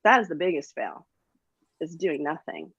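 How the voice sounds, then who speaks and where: A woman's voice: low voice, big pitch swings, moderate pace, a bit bright, slight background noise. A middle-aged woman co-hosting a casual motivational chat, upbeat and encouraging, with many fillers. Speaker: co-host. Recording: dull dry lo-fi sound.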